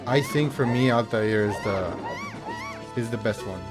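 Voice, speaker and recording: A man's voice: mid-range voice, a little slow, music in the background. A man from Mexico chatting casually while streaming a game, rambling with many fillers and restarts. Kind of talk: casual chat while gaming.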